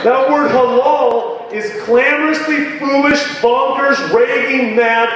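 A man preaching an emphatic, animated sermon to a congregation. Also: extremely high pitch, takes it slowly. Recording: echoey hall from far off.

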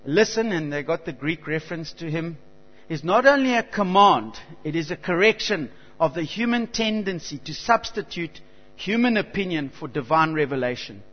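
High-voiced preacher in an echoing hall. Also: male voice, lively intonation. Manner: earnest, halting, with frequent restarts and swells of emphasis. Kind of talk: sermon. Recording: dull lo-fi recording with long hall reverb and mains hum.

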